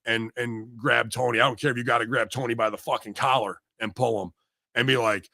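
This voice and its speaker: A man's voice: mid-range voice, fairly quick, creaky, bright, forceful tone, no echo, clean studio sound. A man, a pro wrestler, ranting in a heated, profane way on a podcast and acting out what others said. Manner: heated, profane rant acting out quoted voices. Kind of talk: casual podcast chat.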